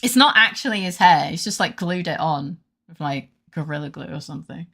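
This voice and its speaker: Gravelly, bright-toned woman streamer ranting. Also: deep voice, expressive, a little fast. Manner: rambling, swears freely, rants. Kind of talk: casual gaming stream chat.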